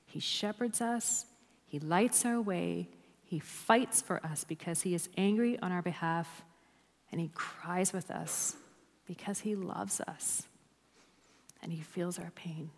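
A woman's voice: fairly low pitch, slow, gravelly. A woman preaching a sermon to a church, emphatic and dropping to near-whispers on key words. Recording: long hall reverb.

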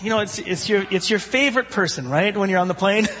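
A man preaching, telling a story with animated voices for its characters. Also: sits high, fast, hardly any pauses, a little hiss or hum. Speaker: pastor. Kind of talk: sermon storytelling. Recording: long hall reverb.

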